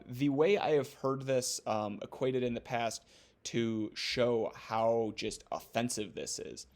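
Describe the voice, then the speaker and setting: A man's voice: mid-range voice, a little mellow. A man teaching a recorded history lesson in a loose, joking way, with many ums and playful asides. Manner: casual, joking, acts out quoted voices.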